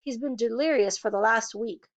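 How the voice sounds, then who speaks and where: A woman's voice: a little high, moderate pace, lightly acted. A woman reading a story, voicing a cold, lying female camp warden who answers defensively. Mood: dismissive. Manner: defensive, dismissive.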